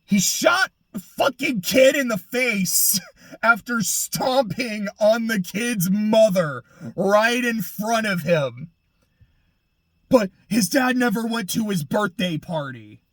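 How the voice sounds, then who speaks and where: A man's voice: high voice, expressive, slow, a bit bright, no echo. A man giving casual, profane and sarcastic video essay commentary as an anime reviewer.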